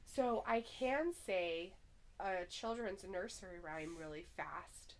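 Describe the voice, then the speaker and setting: A woman's voice: mid-range voice, lively intonation, slow, a little hiss or hum, rough recording. A woman co-hosting a live stream in casual chat, giggling often and reading viewers' messages aloud. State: slight headache.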